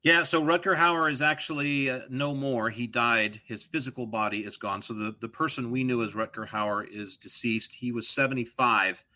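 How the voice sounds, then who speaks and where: A middle-aged man co-hosting a podcast in casual chat, digressive and animated, drifting into joke voices. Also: mid-range voice, normal speed, few pauses. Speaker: podcast co-host.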